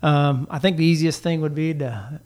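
A man's voice: on the high side, normal speed, a little mellow. A man in his thirties co-hosting a podcast, talking in a laid-back, rambling way and laughing often. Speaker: podcast co-host. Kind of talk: casual chat.

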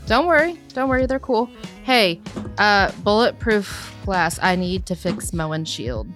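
Brief: woman player, casual and brash, medium pitch, faint music behind. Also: lively intonation, a little slow, fairly bright tone. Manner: brash, offhand, playful. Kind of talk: in-character tabletop play.

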